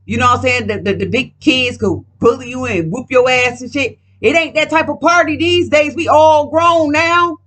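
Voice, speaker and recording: A woman's voice: high voice, normal speed, hardly any pauses, a bit bright. A woman vlogger talking casually while reading tarot cards, profane and emphatic, rambling and speaking straight to her viewers.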